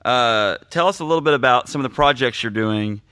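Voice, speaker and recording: A man's voice: medium pitch, brisk, sharp tone, clean tone. A man from the Missouri Ozarks hosting a podcast, asking questions in an easygoing way. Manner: easygoing, interviewing with fillers. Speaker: podcast host. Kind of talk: casual podcast chat.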